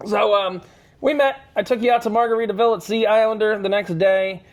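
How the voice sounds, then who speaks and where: A man hosting a casual chat, telling animated stories with lots of restarts. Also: high-pitched, brisk. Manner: animated storyteller, trailing restarts. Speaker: show host.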